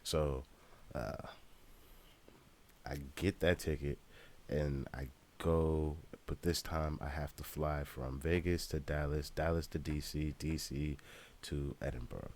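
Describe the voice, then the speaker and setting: A man's voice: rumbling low, steady tone, slow, a little mellow, a little hiss or hum. A man telling a travel story in a casual vlog, loose, profane and ranting. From United States. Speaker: rapper vlogger.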